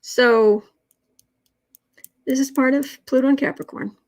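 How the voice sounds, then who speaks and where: A woman's voice: high voice, steady tone, a little slow, a little mellow. A woman hosting a tarot livestream from home, talking in a loose, rambling way full of restarts. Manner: rambling, with frequent restarts and fillers. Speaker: tarot reader and livestream host. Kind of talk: casual livestream chat.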